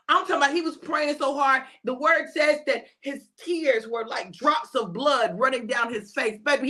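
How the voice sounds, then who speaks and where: A woman preacher giving an animated, emphatic sermon and addressing listeners as "baby". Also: sits high.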